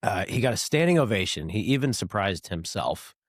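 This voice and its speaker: A man hosting a podcast, chatting in a relaxed way with chuckles and frequent fillers. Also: on the low side, brisk, husky, no room sound, clean studio sound. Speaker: podcast host. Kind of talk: casual podcast discussion.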